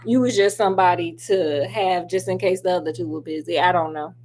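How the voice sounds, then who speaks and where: A woman's voice: fairly low pitch, a little fast, darkish tone, slight background noise. A woman reviewing a film in a casual, sassy, chatty way. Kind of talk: casual chat.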